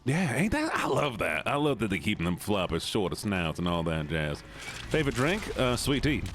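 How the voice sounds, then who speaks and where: A man's voice: lowish voice, huge pitch swings, moderate pace, fairly bright tone, slight background noise. A man streaming casually while gaming, joking around and slipping into a folksy drawl. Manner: jokey, goofy, lapses into a put-on folksy drawl.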